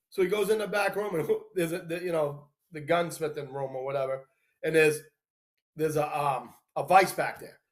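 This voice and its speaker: High-voiced man telling animated stories. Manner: animated storyteller, acts out quoted people. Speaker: live stream host. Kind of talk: casual storytelling chat.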